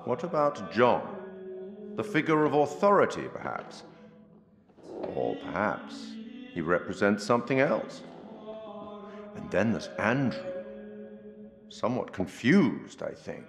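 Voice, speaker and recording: A cryptic old-world curator who narrates a video game. His voice is very deep and unhurried, yet it rises and falls theatrically. It sits in a reverberant, roomy space under loud music. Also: big pitch swings, creaky, heavily acted. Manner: measured, theatrical, knowing.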